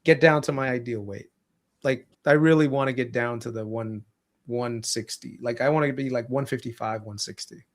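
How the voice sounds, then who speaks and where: A man chatting on a live stream among friends, teasing them in an animated way. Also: mid-range voice, moderate pace. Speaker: stream guest. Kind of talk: casual chat.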